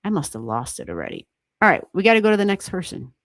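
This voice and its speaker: A woman hosting a livestream, chatting casually as she reads charts, excitable and laughing often, with casual swearing. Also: lowish voice, quick pace, no room sound. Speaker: astrology livestream host.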